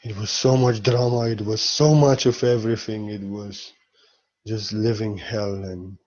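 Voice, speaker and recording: A man's voice: lowish voice, fairly even intonation, a little slow, darkish tone, dull audio. A man giving an informal spiritual talk as a teacher, speaking candidly and emotionally, blunt and sometimes swearing.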